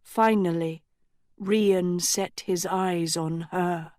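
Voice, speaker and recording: A woman reading a storybook aloud in scripted narration, slow and deliberate. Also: lowish voice, steady tone, a little mellow, no room sound, clean studio sound. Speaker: audiobook reader.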